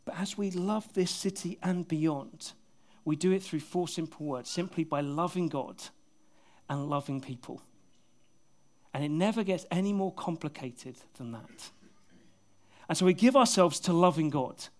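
Male pastor, higher-pitched, delivering an earnest sermon with soft, intimate drops and light self-mocking humor. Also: a little slow. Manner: earnest, often dropping to soft, intimate tones; self-deprecating humor with bursts of laughter. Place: church service with a congregation.

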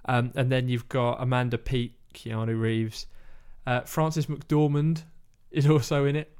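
Casual male co-host, rambling storyteller, mid-pitched, acts out quoted lines. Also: fairly even intonation, a little slow, a little mellow, clean tone. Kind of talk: casual chat.

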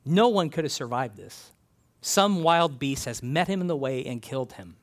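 A man voicing a grieving old father, speaking in a hushed, heavy way during a sermon. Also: on the high side, lively intonation, normal speed.

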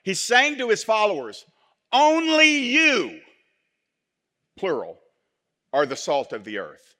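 A male pastor, preaching a sermon that swings from soft, low asides to loud, forceful declarations. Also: wildly swooping pitch, moderate pace.

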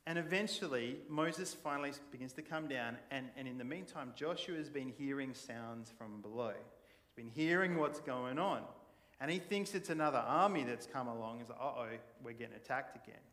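A man preaching a sermon, telling the story in a casual, animated way and acting out the people in it. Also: medium pitch, normal speed. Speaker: pastor. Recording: long church hall reverb.

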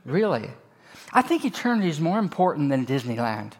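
A man's voice: fairly high pitch, sing-song, quick pace. A man in his sixties preaching a sermon with personal stories, folksy and joking with emphatic delivery.

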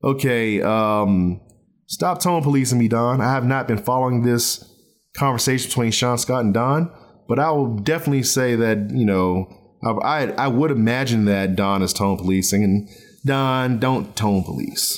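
A man's voice: on the low side, normal speed. A man hosting a casual solo podcast from his bedroom, talking in a loose, rambling way with many fillers and restarts. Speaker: podcast host. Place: bedroom at home.

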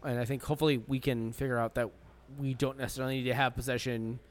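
A man's voice: medium pitch, little pitch movement, fast talker. A man co-hosting a sports podcast, talking casually with lots of fillers and teasing. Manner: hesitant, filler-heavy, teasing. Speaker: podcast co-host.

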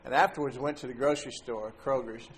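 A man's voice: mid-range voice, fast talker, a little hiss or hum. A middle-aged man telling a personal faith story in a casual way, laughing often as he goes. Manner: animated storyteller who laughs as he tells it. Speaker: guest telling a faith testimony. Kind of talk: casual spoken testimony.

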